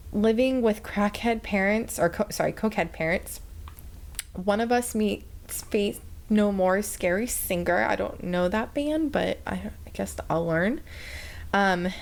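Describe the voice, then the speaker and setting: A young woman vlogging as she unboxes and reacts, excited and chatty, with "like" in nearly every phrase. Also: medium pitch. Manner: excited, chatty, full of "like" fillers.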